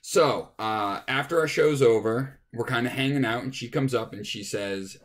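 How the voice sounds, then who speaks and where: A man's voice: mid-range voice, normal speed. A man, a touring musician, casually telling a rambling anecdote with restarts, acting out what people said. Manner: rambling, with restarts and acted-out quotes. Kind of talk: casual storytelling.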